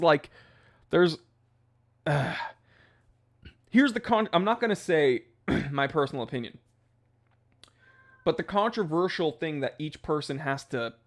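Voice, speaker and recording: A man hosting a casual livestream, chatting loosely and rambling, with laughs at his own jokes. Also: a little high. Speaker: livestream host.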